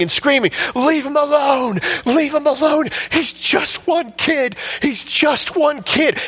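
Bright-voiced male preacher. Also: a little high. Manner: impassioned storytelling, rising to shouts at the climax. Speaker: pastor. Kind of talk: sermon.

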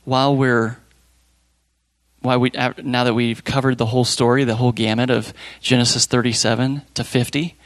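A man's voice: mid-range voice, flat delivery, moderate pace, no room sound. A man leading a Bible study group, reading a children's story aloud plainly, then chatting casually and hesitantly with the group.

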